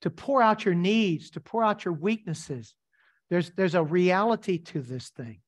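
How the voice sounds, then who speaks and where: A man's voice: sits high, animated, measured pace. A man preaching a sermon as pastor, emphatic and repetitive, asking the congregation rhetorical questions.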